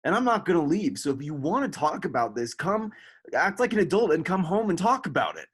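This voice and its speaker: A woman's voice: on the low side, sing-song, fairly quick, breathy edge. A woman playing a controlling, volatile young man who lashes out angrily in a stage play. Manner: angry, manipulative, swearing.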